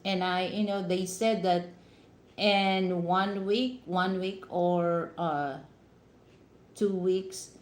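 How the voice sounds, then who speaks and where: Filipino-accented woman vlogger, slow and chatty, advising viewers, roomy echo. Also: fairly low pitch, steady tone. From Philippines. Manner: advising, heavy "you know" fillers. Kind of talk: casual live-stream talk to viewers. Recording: echoey room.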